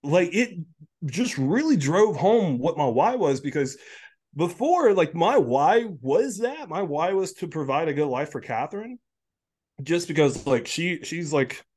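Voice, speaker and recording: A man's voice: fairly high pitch, big pitch swings, measured pace, darkish tone, slightly rough. A man in his thirties, a health coach guest, talking candidly in a casual podcast conversation, full of "like" and "um" and emotional at times. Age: 30s. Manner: candid, filler-heavy, many "like" and "um".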